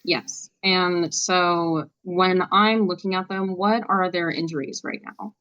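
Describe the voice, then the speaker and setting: A woman playing a tabletop game, calm and matter-of-fact. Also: on the low side, slow, no echo, muffled recording. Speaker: player.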